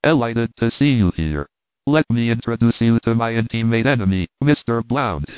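A man's voice: medium pitch, animated, moderate pace, clear, resonant tone, no room sound, natural voice. A man voicing a cheerful, teasing French reporter, heard over a tinny, dry, phone-like recording. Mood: jovial.

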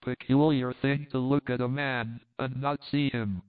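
A man's voice: medium pitch, steady tone, unhurried, smooth. A man narrating a novel, occasionally reading punctuation aloud. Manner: reads punctuation aloud at times. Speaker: audiobook narrator. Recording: tinny phone-like sound.

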